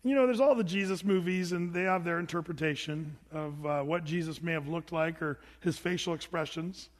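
A man's voice: on the high side, moderate pace, big-room sound. A man preaching a casual, joking sermon, acting out the people in his stories. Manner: informal, joking asides, acts out the people in the stories. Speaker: pastor. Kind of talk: conversational sermon.

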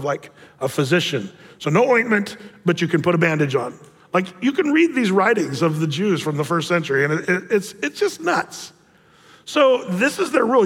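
A man preaching a sermon, telling Bible stories with humor and acting out the people in them. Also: high voice. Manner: animated storytelling, acts out voices. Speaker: pastor. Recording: reverberant hall.

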